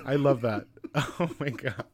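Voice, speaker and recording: A man's voice: medium pitch, a little slow, darkish tone, slight background noise. A man in his late twenties co-hosting a casual podcast, giddy and joking, swearing a lot. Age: 20s. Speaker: podcast co-host.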